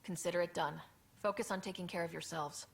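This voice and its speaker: An actress voicing a confident female human explorer in a video game, steady and dry. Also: fairly low pitch, fairly quick, vocal fry. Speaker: game character.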